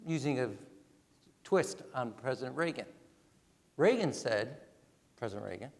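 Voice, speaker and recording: Animated guy in his 60s on stage, average pitch, big echoey hall. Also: unhurried, pauses often. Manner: animated, emphatic, counts off points. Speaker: guest speaker, former ambassador. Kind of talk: onstage conversation. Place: large event hall. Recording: long hall reverb.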